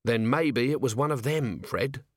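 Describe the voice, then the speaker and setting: A hard, suspicious city-watch commander, as a male narrator reads him, clipped and deliberate in his orders. The voice sits in a middle register with a lively lilt, close and dry. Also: mid-range voice, dry recording. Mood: terse.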